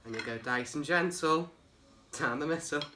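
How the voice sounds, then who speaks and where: A man with a gentle, patient and coaxing manner, chatting casually and asking lots of encouraging questions while making a treat in a home kitchen. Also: on the high side, normal speed, heavy background noise. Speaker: co-host of a home cooking video.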